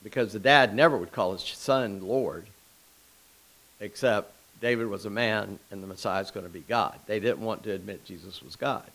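A man's voice: fairly low pitch, moderate pace, a bit bright, low-quality recording. Folksy man preaching a casual sermon. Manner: folksy, conversational, with asides and restarts. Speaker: pastor. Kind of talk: informal sermon. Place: small church.

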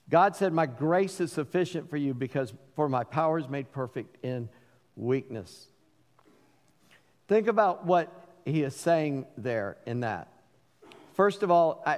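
A man preaching a sermon as pastor, earnest, dropping to a hush on key lines and rising when he pleads. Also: on the high side. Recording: long hall reverb.

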